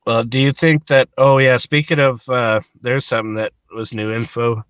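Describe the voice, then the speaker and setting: Podcast co-host, man, rambling casual talker, smooth tone, dull lo-fi stream audio. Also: medium pitch, flat delivery, normal speed, fairly bright tone, dry recording. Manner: rambling, profane, many fillers. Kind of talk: casual chat.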